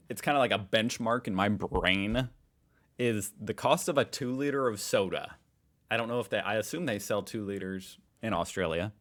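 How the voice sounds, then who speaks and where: An American man from the United States hosts a reaction video, reading posts aloud and responding in a chatty, joking way. His voice is fairly low in pitch with a fairly bright tone, suited to casual reaction commentary.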